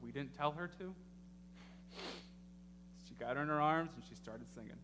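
Man, pastor, sermon, halting, emotional, echoey hall, faint background noise. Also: a little high. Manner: halting, many ums, emotional. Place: church sanctuary.

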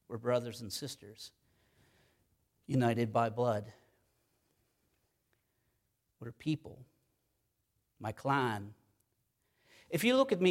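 Male pastor, mid-pitched voice, emphatic sermon delivery, repeats key lines, reads verses slowly.

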